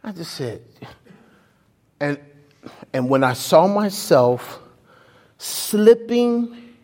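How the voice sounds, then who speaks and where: A man preaching a sermon, telling a story with animated swings from loud highs to hushed lows. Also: takes it slowly, long pauses. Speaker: pastor. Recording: long hall reverb.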